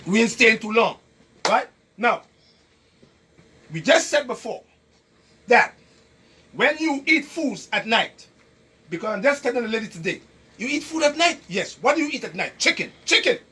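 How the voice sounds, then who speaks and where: Caribbean-accented man, emphatic, repetitive, bright tense tone, swooping pitch. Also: very animated, normal speed, pauses often, slightly rough. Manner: preachy, emphatic, repeats points and quizzes listeners. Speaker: health educator. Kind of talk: lively health talk to an audience.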